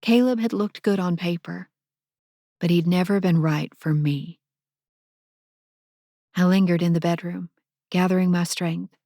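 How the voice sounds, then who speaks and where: A woman narrating a first-person romance audiobook in a soft, intimate manner, on a close studio mic. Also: fairly low pitch, steady tone, unhurried, pauses often, dry recording.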